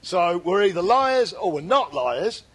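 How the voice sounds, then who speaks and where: A British man co-hosting a comedy podcast, talking in a deadpan, rambling way with lots of fillers and restarts. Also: high-pitched, measured pace, breathy edge. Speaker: podcast co-host. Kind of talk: casual comedic podcast chat.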